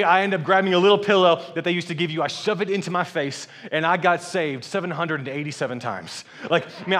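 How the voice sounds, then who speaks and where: Animated young man telling a comic story. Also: fairly high pitch. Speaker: guest speaker. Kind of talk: storytelling sermon.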